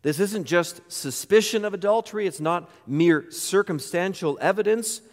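A man's voice: sits high, moderate pace, in a large hall. A man pastor delivering a sermon, emphatic and full of rhetorical questions.

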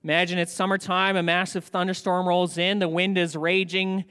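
A male pastor preaching a sermon in a church, animated and asking rhetorical questions. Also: sits high, moderate pace, smooth, long reverb tail.

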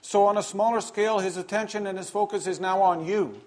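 Male preacher, fairly high voice, earnest and emphatic sermon delivery with pauses. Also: fairly even intonation.

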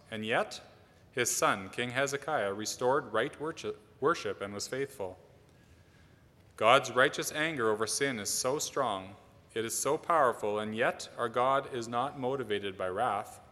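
Guy preaching a sermon, bright sharp voice, earnest and punchy on key words, echoing church sound. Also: mid-range voice. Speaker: minister. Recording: long church reverb.

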